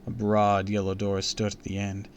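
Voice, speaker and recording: A low-voiced man reads a spooky children's story aloud on a live stream. His delivery is expressive and theatrical, leaning into the suspense. A faint hum of noise stays in the background. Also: normal speed.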